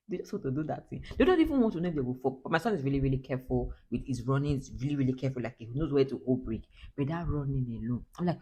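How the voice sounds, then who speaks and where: Young Nigerian woman, low husky voice, chatty vlogging mom who mixes in pidgin. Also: expressive, fast talker, mellow, poor audio. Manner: chatty, laughing, switches into pidgin. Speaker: mother vlogger. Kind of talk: casual chat to camera.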